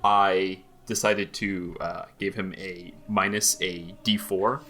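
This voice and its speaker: A man's voice: low voice, level tone, slow pace, sharp tone. A man running a tabletop game as game master, narrating loosely with lots of fillers and restarts.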